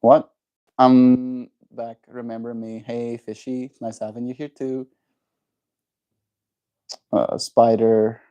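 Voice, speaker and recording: A man's voice: medium pitch, flat delivery, takes it slowly, long pauses, warm tone, clean tone, highs cut off. A man livestreaming, musing in loose casual chat and answering his viewers' messages.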